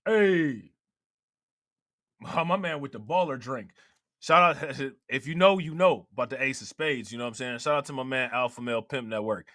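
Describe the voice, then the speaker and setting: A man's voice: medium pitch, normal speed, a bit bright, no room sound, studio quality. A man with an Ohio accent hosting a casual livestream, talking loosely, laughing often and reading out chat messages. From Ohio, USA. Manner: loose, conversational, laughs often, keeps asking "you know what I'm saying".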